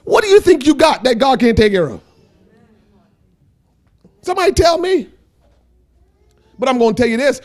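A man preaching a sermon in church as pastor, swinging between loud preaching and quiet storytelling. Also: very high-pitched, sing-song, normal speed, pauses often.

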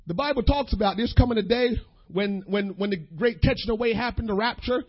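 Impassioned preacher man, husky and high. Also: a little fast. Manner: impassioned, folksy, addresses the congregation directly. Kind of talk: sermon. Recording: dull lo-fi sermon recording.

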